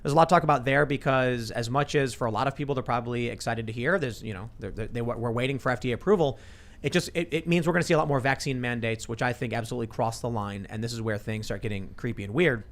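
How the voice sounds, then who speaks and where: A man hosts a studio talk show in a loose, rambling way, often restarting and repeating words. His voice sits at an everyday middle pitch. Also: steady tone, fast. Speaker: show host. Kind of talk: casual political talk show banter. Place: podcast studio.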